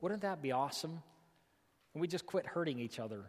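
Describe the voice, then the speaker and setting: A man's voice: fairly high pitch, animated, fairly quick, long reverb tail. A male pastor, preaching a folksy, emphatic sermon with lots of repetition.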